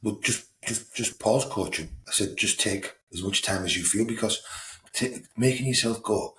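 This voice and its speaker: A man's voice: lowish voice, moderate pace, a bit bright. A man in casual podcast chat, blunt and swearing, often repeating himself. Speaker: podcast co-host. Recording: echoey room, faint noise.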